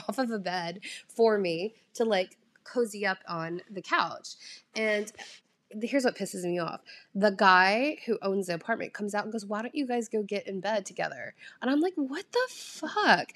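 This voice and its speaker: A young woman talks straight to camera in a loose storytime vlog. She rambles, full of "like" and "um" and the odd swear. Her voice sits in an ordinary middle pitch. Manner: chatty, animated, lots of fillers and swearing. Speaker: vlogger.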